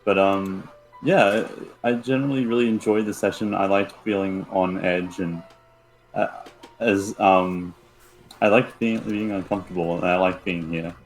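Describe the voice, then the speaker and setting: A man's voice: deep voice, steady tone, moderate pace, faint music behind, rough recording. A man playing a tabletop game, chatting casually in a rambling, laughing way and swearing freely. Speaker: player. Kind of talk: casual chat.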